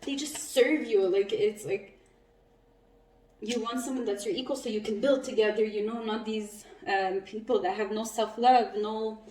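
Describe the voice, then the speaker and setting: A woman giving a casual spiritual tarot reading, chatty and quick to laugh, with some casual swearing. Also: mid-range voice, fairly even intonation, mellow, a little hiss or hum. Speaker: tarot reader. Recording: roomy echo, mic at a distance.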